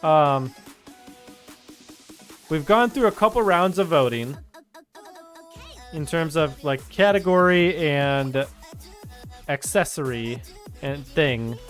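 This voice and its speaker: A man's voice: a little high, lively intonation, takes it slowly, long pauses, a bit bright, soft background music. A man chatting casually on a live stream, loose and jokey, talking to his chat. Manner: loose, fillers and restarts, jokey, talks to chat.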